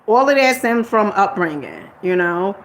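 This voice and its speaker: A woman's voice: mid-range voice, very animated, normal speed, a little hiss or hum. A middle-aged woman telling a personal story in a candid, rambling vlog, quoting herself and lecturing in an exasperated motherly way. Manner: rambling and candid, retells arguments and quotes herself. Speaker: vlogger.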